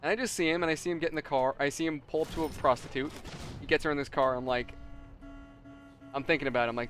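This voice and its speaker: A man's voice: on the high side, fairly even intonation, quick pace, a bit bright. A man hosting a gaming video, telling a story in casual chat with lots of laughter and voiced quotes. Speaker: let's play host.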